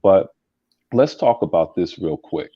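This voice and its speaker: Deep dark-voiced man, dull dry sound. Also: lively intonation, measured pace, dry recording. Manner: laid-back, rambling, many restarts. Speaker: podcast guest. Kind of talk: casual chat.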